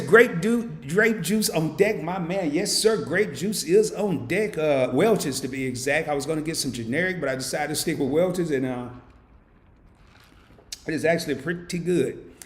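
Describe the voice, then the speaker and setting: A man hosting a casual live stream, reading viewer comments aloud and answering them with heartfelt thanks. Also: fairly high pitch. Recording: echoey room.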